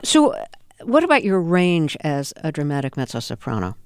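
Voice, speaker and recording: A woman hosting an interview, curious and quick to laugh. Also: low voice, wildly swooping pitch, smooth, no room sound, studio quality. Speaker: radio interviewer. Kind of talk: casual interview.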